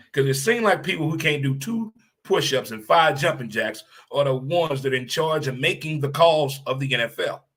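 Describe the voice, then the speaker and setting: Male podcast host, solo rant, mid-pitched, blunt and emphatic, repeats lines for effect. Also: a bit bright. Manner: blunt, occasional swearing.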